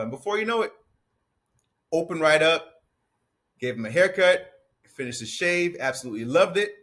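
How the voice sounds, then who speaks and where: A man, a barber turned business owner, telling a story in a relaxed, conversational way during an interview, slipping into the voices of people he quotes. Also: a little high, normal speed, long pauses.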